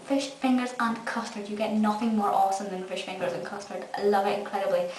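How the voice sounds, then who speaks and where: A woman's voice: medium pitch, fairly even intonation, quick pace, darkish tone. Scottish girl raving about an episode, kinda far from the mic, roomy echo and a bit of hiss. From Scotland. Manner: enthusiastic, gushing. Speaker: fan reviewer. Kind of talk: casual episode review. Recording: echoey room, mic far off, faint hiss.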